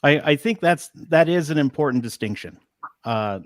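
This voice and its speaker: A man's voice: on the high side, expressive, moderate pace, no room sound, clean studio sound. A man on a video call speaking earnestly about faith, in a preaching tone.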